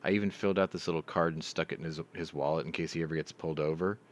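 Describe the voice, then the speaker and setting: A man's voice: very deep voice, fairly even intonation, rapid-fire. A middle-aged man hosting a casual live chat, rambling through stories and swearing freely. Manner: profane, rambling storyteller. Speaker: host.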